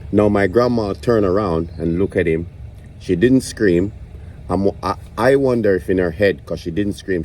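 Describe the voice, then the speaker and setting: A man's voice: low-pitched, warm tone, slight background noise. A man telling a stand-up story about his grandma, swearing and ranting in exasperation. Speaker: comedian.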